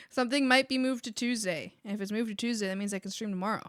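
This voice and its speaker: Gushy young woman chatting on stream, kinda high voice, squeals n whispers a lot. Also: fast talker, fairly bright tone, no room sound, clean studio sound. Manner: bubbly, gushing, swings into squeals and whispers. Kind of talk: casual chat while drawing.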